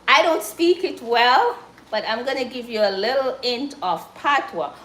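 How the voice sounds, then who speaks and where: Slow-talking Jamaican woman, echoey room. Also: fairly high pitch, expressive, a bit bright. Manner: chatty, encouraging, addresses viewers as guys. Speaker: live-stream host. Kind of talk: casual live-stream chat while cooking.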